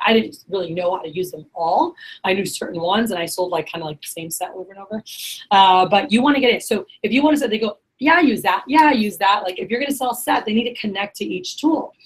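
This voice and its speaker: Her voice is mid-range and the audio is poor: a young woman leading a sales workshop before a group in a meeting room. She teaches chattily and energetically, putting questions to the room and acting out customer responses.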